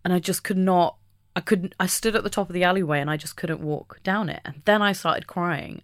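A woman speaking as an interview guest, talking openly and reflectively, with the odd soft laugh. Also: on the low side, moderate pace, clean tone, no room sound, clean studio sound. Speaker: podcast guest. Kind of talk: candid conversational interview.

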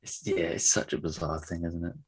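Low-voiced laid-back podcast co-host. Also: male voice, monotone, brisk, slight background noise. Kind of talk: casual film podcast chat.

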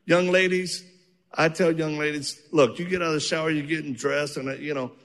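A man with a gravelly, slightly higher voice tells ministry stories with an animated, joking earnestness. His words ring out with the long reverb of a big church auditorium. He sounds like an evangelist talking on stage in front of a crowd. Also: a little fast. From outside the United States. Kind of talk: testimony-filled Q&A answers.

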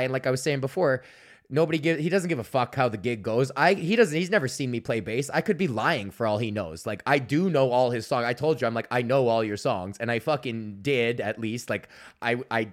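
A man's voice: mid-range voice, a little fast. A young man hosting a podcast, telling rambling, profane stories in a casual monologue and laughing often. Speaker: podcast host.

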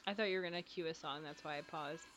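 A woman's voice: low-pitched, fast, fairly bright tone, slight background noise. Giggly young woman co-hosting a podcast. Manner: giggly, rambling with frequent ums. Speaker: podcast co-host. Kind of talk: casual chat.

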